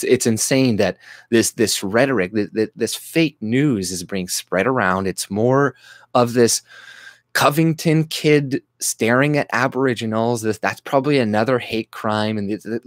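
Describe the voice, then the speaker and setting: A Canadian man with a lowish voice rants casually and profanely about politics, restarting often and mocking people in quoted voices. It's a political commentary vlog with studio-quality sound and no room echo.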